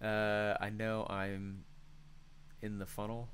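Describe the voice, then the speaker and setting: A man's voice: fairly low pitch, monotone, slow pace, a bit bright, smooth. A man leading a live online coaching call, talking energetically and conversationally and reacting to chat comments.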